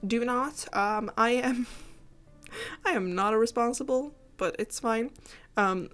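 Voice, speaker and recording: A woman's voice: fairly high pitch, lively intonation, takes it slowly, fairly bright tone, soft background music. A tired, sick teenage girl from Finland, rambling and giggling through a casual game voiceover and apologizing often. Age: late teens. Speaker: gaming YouTuber.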